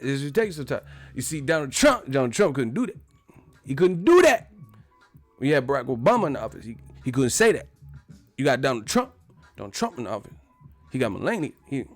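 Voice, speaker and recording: A man's voice: mid-range voice, no echo. A man hosting a casual livestream as a boxer, rambling and profane and laughing often.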